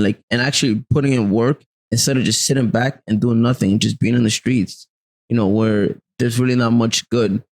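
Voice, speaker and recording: Soft-spoken reserved young man. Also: medium pitch, low-quality recording. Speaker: podcast guest, music producer. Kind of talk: casual interview chat.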